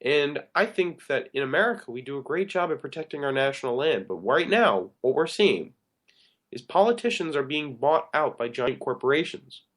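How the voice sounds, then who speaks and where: A man's voice: on the high side, lively intonation, moderate pace, a bit bright. Earnest rambling talk show host, man. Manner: earnest, rambling, self-correcting. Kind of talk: casual talk show monologue.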